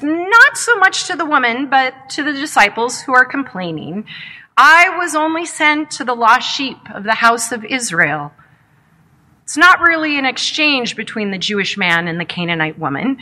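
Bright, higher-pitched woman preaching a sermon. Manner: reflective, measured storytelling with rhetorical questions.

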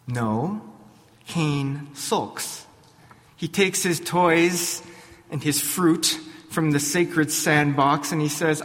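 A man pastor preaching a sermon in a church, deliberate, posing rhetorical questions to his congregation. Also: a little high, a bit bright, in a large hall.

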